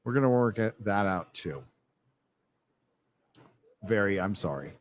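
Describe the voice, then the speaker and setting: A man's voice: on the low side, animated, a little slow. A man hosting a casual livestream from a bar, reading donations and chatting in a loose, profane way with frequent laughs. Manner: loose and profane, laughs often, reads chat aloud. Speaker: livestream host. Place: fandom bar.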